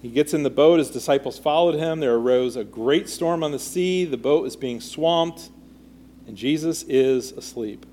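A man's voice: on the high side, normal speed, dark tone, slight background noise. A man teaching a Bible study in a conversational way, reading scripture aloud and then asking the group questions.

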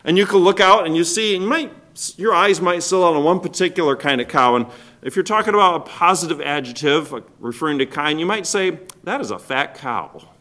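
Speaking a little fast in a fairly high pitch, a male pastor delivers a sermon. He throws rhetorical questions at the congregation and alternates loud emphasized words with quiet drops.

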